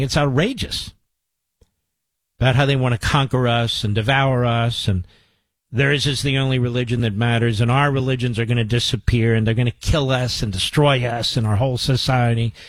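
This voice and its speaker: A man's voice: mid-range voice, steady tone, normal speed, dry recording, poor audio. A man hosting a talk radio show, speaking emphatically and piling up repeated phrases for force. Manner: emphatic, forceful, building in repetition. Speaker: radio host.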